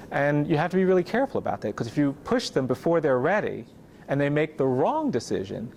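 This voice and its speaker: A man explaining civil rights history in a measured, admiring way, with frequent fillers. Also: mid-range voice, creaky, darkish tone, slight background noise. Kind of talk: explanatory talk.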